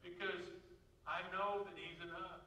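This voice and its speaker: A middle-aged male pastor preaching a sermon, swinging between loud praise and soft, hushed moments. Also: high voice, steady tone, unhurried. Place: church sanctuary. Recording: echoey church room, mic heard from a distance.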